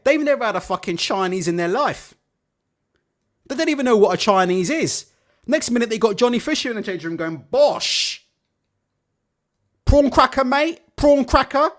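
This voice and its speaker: Sarcastic man ranting about boxing. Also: high-pitched. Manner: profane, sarcastic, animated. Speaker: boxing show host. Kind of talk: live-stream rant.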